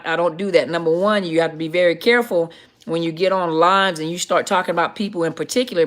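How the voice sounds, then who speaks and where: A woman's voice: fairly low pitch, a bit bright. A middle-aged woman, a counselor, hosting a casual livestream Q&A, chatty and greeting viewers by name as she reads their comments.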